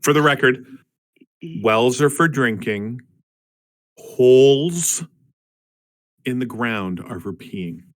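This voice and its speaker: A man's voice: medium pitch, animated, slow pace, long pauses. A man playing in a tabletop game, joking and teasing the others in casual banter. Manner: teasing, wisecracking. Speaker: player.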